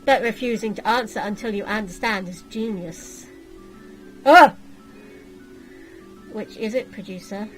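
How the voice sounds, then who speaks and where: A woman voicing an eccentric, nearly headless anime schoolgirl in a flat, robotic delivery. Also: mid-range voice, fairly quick, hardly any pauses, soft background music, close to an everyday voice, low-quality recording. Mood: probing. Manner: flat robotic delivery ending lines with "desu".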